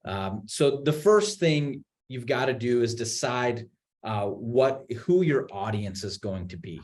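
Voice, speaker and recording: A man on a video call webinar, explaining real estate marketing in an animated way, with many restarts and repeated words. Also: mid-range voice, slow. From Utah. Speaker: marketing executive guest.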